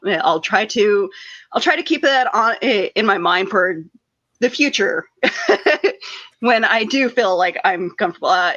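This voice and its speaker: A woman's voice: mid-range voice, a bit bright, highs cut off. A woman co-host in a casual podcast chat, talking hesitantly with many restarts.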